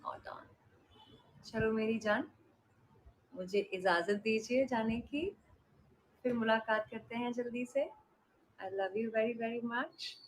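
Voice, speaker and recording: Young woman, high voice, affectionate live-stream chat, mixes in Hindi. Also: slight background noise, low-quality recording. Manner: affectionate, blows kisses and greets viewers by name.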